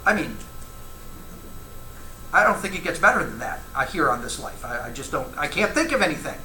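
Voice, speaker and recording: A man's voice: on the high side, big pitch swings, brisk, bright, forceful tone, slight background noise. A man teaching a church Bible class, talking with the class, asking questions and reading scripture aloud. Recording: echoey room, faint ambience.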